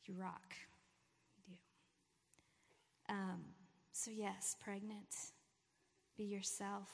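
A woman's voice: medium pitch, level tone, drawn-out words, pauses often. A woman giving an informal, encouraging sermon talk at a church gathering. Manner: encouraging, warm pep talk with laughter. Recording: long hall reverb.

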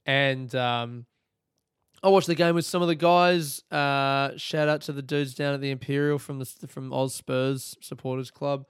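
A man's voice: mid-range voice, steady tone, a little slow, clean tone, no room sound, clean studio sound. A young Australian man hosting his own podcast, chatting casually in a rambling, laid-back way with plenty of swearing. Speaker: podcast host. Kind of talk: casual solo podcast chat.

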